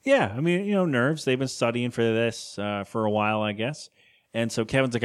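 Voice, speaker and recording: A man's voice: mid-range voice, normal speed, clear, resonant tone. A man co-hosting a podcast, chatting casually as he recaps a cartoon episode, rambling and laughing often. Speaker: podcast co-host.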